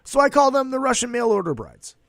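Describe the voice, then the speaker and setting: A man's voice: extremely high pitch, a little fast, gravelly, no room sound, studio quality. A man hosting an online stream, telling stories in a casual, rambling way, full of swearing and quoted back-and-forth. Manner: animated storytelling with profanity and acted-out quotes. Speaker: host of an online talk stream. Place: at home.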